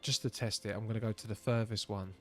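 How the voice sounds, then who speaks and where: An English man streaming a game, making quiet, self-deprecating asides as he plays. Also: on the low side, fairly even intonation, quick pace, faint music behind. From England. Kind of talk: game commentary.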